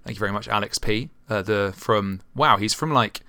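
A man hosting and running a tabletop game with a bright, crisp and smooth voice. He talks in a casual, jokey way and drops wry asides. The sound is close and dry. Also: fairly low pitch, moderate pace, dry recording. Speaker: podcast host and game master. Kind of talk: casual podcast chat and game narration.

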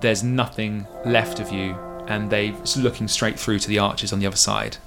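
A man narrating a tabletop role-playing game as game master, descriptive and halting, with music behind. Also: on the low side, fairly even intonation, gravelly.

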